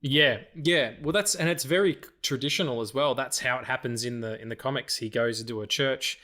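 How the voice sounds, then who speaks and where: A man's voice: mid-range voice, fairly quick, pushed and bright. A man co-hosting a casual film podcast, swearing freely, laughing often and acting out quoted movie lines. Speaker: podcast co-host.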